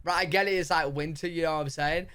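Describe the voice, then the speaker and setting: A man hosting a reaction video, talking in slangy, excitable, rambling casual commentary. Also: on the high side, fast, clean tone. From United Kingdom.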